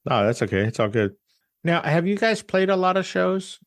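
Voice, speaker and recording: A woman hosting a podcast, asking questions in a lively, curious way and laughing easily. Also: on the low side, normal speed, no echo, studio quality. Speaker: podcast host. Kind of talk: casual interview chat.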